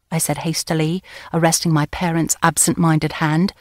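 A woman narrating a novel in the first person, with a crisp, wry storytelling manner. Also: low-pitched, little pitch movement, normal speed, no echo, clean studio sound. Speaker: audiobook narrator.

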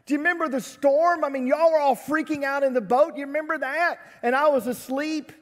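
A man's voice: very high-pitched, steady tone, very slow, a bit bright, voice pushed up, heavily acted. A man playing an exasperated teacher who scolds panicky followers with raised, incredulous rhetorical questions. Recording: church livestream with long hall reverb.

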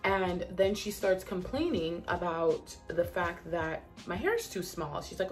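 A woman telling a story in a casual vlog, chatty and animated, leaning on "like" a lot. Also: lowish voice, a little slow, few pauses, soft background music. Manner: chatty, animated, heavy use of "like". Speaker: vlogger.

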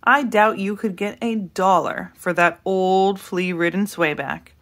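A woman's voice: medium pitch, steady tone, a little slow, fairly bright tone, lightly acted. A woman playing a scornful young woman who tosses off insults with a mocking laugh in her voice. She sounds flouncy and dismissive, a storybook troublemaker.

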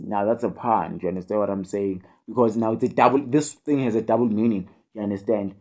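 Brisk and mellow, with a lowish voice and lively intonation, a young South African online tutor walks students through poetry in a casual video. He uses lots of fillers and tag questions, and he both jokes with and scolds his students.

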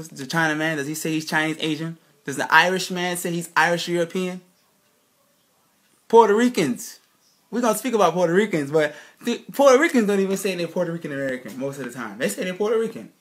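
A man's voice: on the high side, a bit bright. Emphatic man lecturing with rhetorical questions. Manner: emphatic, keeps asking "right, people?"; rhetorical questioning, restarts mid-sentence. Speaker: presenter giving a slide lecture. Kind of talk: casual spoken lecture to viewers.

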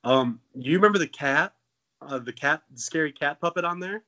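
A man's voice: expressive, normal speed, pushed and bright, dull audio. Joking, profane man in his twenties. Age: 20s. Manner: jokey, profane, bursts into silly high voices. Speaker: podcast co-host. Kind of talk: casual comedic chat.

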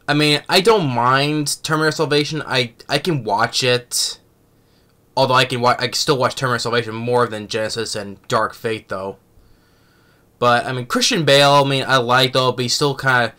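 Young man, casual film review, rambling and halting, bright crisp voice, smooth tone. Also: mid-range voice. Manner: rambling, halting, many restarts and fillers. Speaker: movie reviewer.

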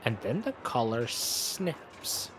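A man's voice: medium pitch, sing-song, slow pace, fairly bright tone, a little hiss or hum. A man running a tabletop game as game master, narrating loosely with many fillers.

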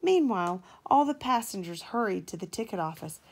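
A woman, a mother, reading a children's storybook aloud to her child in a gentle, measured way. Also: medium pitch, animated.

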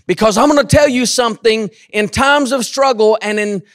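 A man preaching a sermon in church, telling a folksy story and building to shouted emphasis. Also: very high voice, moderate pace, no echo, clean studio sound. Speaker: pastor.

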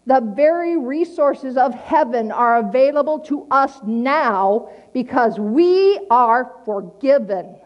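Slow, earnest woman preaching. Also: high voice, expressive, muffled recording. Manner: earnest, plainspoken, slow emphatic repetitions. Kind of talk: sermon.

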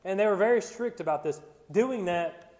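Man preaching a Bible study, pitched high, earnest and emphatic, in a big echoing sanctuary. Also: expressive, a little mellow. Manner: reads scripture slowly, then preaches with rising emphasis; repeats words when restarting. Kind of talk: sermon. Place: church sanctuary. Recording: church sanctuary with long reverb.

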